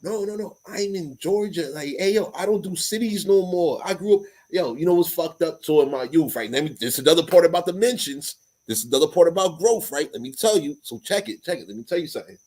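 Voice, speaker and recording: A man's voice: a little high, expressive, fast, hardly any pauses, a little mellow, poor audio. A man in his forties with a New York accent, talking in a loose, profane casual chat full of street slang.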